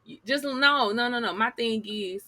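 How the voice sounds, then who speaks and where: A woman's voice: on the high side, moderate pace, pushed and bright, no room sound. A woman giving blunt, sassy commentary while reading news articles aloud to her viewers.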